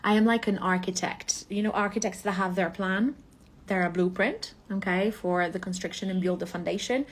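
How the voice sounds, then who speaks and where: A woman's voice: medium pitch, steady tone, moderate pace. A woman business coach giving a motivational talk, asking rhetorical questions and checking in with a frequent "okay?".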